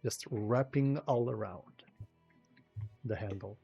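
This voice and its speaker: A man runs a tabletop game, describing the scene in a husky, breathy voice. He takes his time over each phrase. Faint music plays under him. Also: fairly low pitch, warm tone, lo-fi sound. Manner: slow, descriptive narration. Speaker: game master.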